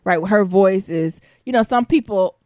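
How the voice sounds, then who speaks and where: A woman co-hosting a casual podcast chat, animated, laughing often and singing snatches of songs. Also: mid-range voice, unhurried, no room sound, clean studio sound. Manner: animated, laughing, breaks into song. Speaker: podcast co-host.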